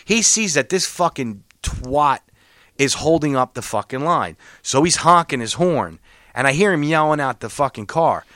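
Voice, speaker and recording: A man telling a long, profane driving story in casual chat, quoting other drivers in a louder, higher voice. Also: lively intonation, moderate pace, no room sound, clean studio sound. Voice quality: gets loud and high when quoting other drivers.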